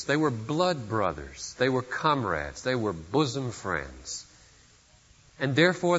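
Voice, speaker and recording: Male pastor mid-sermon, mid-pitched and earnest, punches key lines, dull lo-fi church recording. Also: a bit bright, slightly rough, big-room sound. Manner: earnest, emphatic preaching with sudden rises in force. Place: church service.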